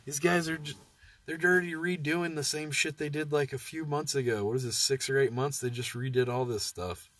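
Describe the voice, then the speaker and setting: A man's voice: fairly high pitch, fairly even intonation, fairly quick, a bit bright. An American man vlogging live, telling crude personal stories in a rambling, casual way and laughing at himself. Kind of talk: casual livestream storytelling.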